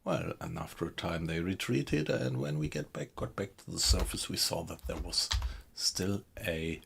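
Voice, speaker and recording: A man's voice: low voice, lively intonation, normal speed, gravelly, fairly bright tone, a little hiss or hum. A man with a German accent, chatting casually to viewers while streaming a video game. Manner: chatty, thanks viewers, laughs often. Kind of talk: casual live-stream commentary.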